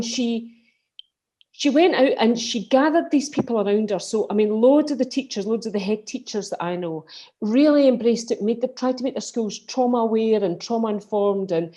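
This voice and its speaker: A woman's voice: fairly high pitch, mellow. Scottish woman on a video call, talks with real passion, keeps restarting her sentences. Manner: passionate, emphatic, quick restarts. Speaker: guest speaker, colleague. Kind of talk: casual remembrance conversation.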